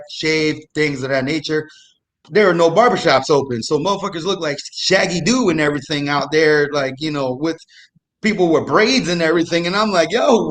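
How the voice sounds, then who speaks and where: A young man telling a true story on a live show, casual and laughing through it. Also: on the high side. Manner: laughs through his story, animated asides. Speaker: guest storyteller.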